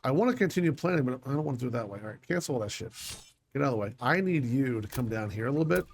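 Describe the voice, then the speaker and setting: A man of average pitch narrating his own gameplay, thinking aloud and talking himself through each choice. He sounds scattered and annoyed, with mild swearing, over a faint background hiss. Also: lively intonation, racing, vocal fry. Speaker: let's play gamer. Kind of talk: casual gameplay commentary.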